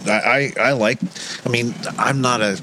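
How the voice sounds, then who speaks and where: A man in casual chat who talks haltingly with many "uh"s and restarts. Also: mid-range voice, fairly even intonation. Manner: halting, filler-heavy. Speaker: co-host. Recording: faint background noise.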